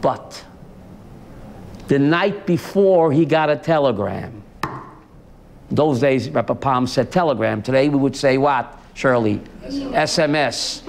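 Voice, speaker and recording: A man's voice: mid-range voice, takes it slowly, vocal fry, long pauses, a little hiss or hum. A man, a rabbi, preaching a sermon built on stories and asking his listeners questions. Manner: animated, asks the audience questions. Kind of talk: sermon with storytelling.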